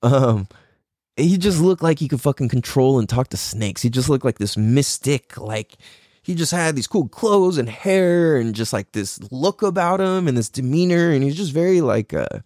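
A man tells loose, profane anecdotes and breaks into laughter as he goes. His pitch swings widely when he acts out what other people said. The sound is dry and close. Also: expressive, normal speed, darkish tone, no room sound. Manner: mimics voices in quotes. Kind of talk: casual storytelling.

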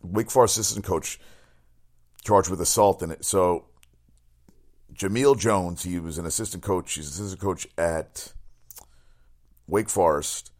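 Host: middle-aged man, very low voice, rambling profane sports chatter. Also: unhurried, pauses often. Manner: rambling, profane, animated storytelling. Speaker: sports talk show host. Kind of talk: casual sports talk.

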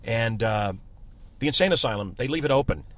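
A man's voice: mid-range voice, animated, a little fast, fairly bright tone. A man, a radio host in casual chat, ranting and sarcastic. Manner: ranting, sarcastic, mocking voices.

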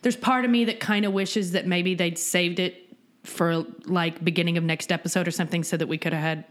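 A woman's voice: fairly low pitch, fairly even intonation, a little fast. A woman co-hosting a podcast from home, chatting casually and laughing often. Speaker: podcast co-host. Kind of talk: casual chat. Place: home, cat nearby. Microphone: desk recorder.

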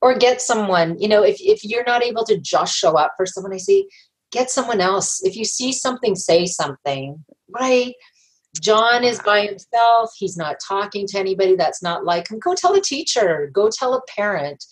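A woman guest in an interview, telling stories in a lively way and acting out the people she quotes. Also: medium pitch, moderate pace, poor audio. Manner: animated storyteller, acts out quoted voices, laughs often. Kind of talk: conversational interview.

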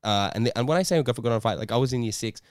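A man's voice: medium pitch, animated, rapid-fire, no echo. A man in his young adult years shares a story in casual podcast chat. He rambles, backtracks and laughs often. His voice sits close in a dry, deadened room. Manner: rambling, laughs a lot, many fillers. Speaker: podcast co-host.

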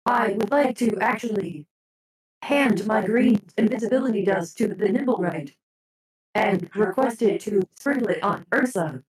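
A woman taking her turn in a tabletop game, politely describing her character's action. Her voice sits at a plain middle pitch. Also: normal speed, a little mellow, low-quality recording. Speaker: player. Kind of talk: casual tabletop play.

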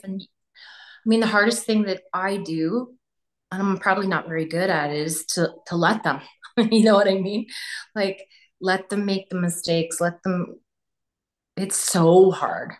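A woman's voice: mid-range voice, steady tone, moderate pace. A woman in her fifties, a podcast guest talking candidly in a casual chat and often trailing off mid-thought. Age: 50s.

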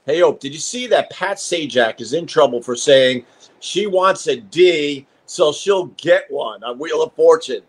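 A man's voice: a little high, lively intonation, measured pace, husky. Hyped-up, rambling middle-aged man talk host. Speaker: radio host doing a live stream. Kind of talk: casual live-stream chat. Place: at home.

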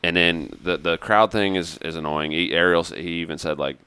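A man's voice: low-pitched, fairly even intonation, fairly quick, pushed and bright, clean tone. A man co-hosting a podcast in casual chat, rambling with many restarts and trailing thoughts. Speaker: podcast co-host.

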